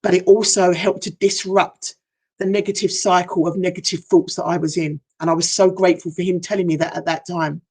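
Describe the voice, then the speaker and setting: Middle-aged woman, breathy voice, heartfelt personal story, emotional retelling, livestream talk. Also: lowish voice, flat delivery, a little fast, a little mellow. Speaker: hypnotherapist. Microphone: livestream setup.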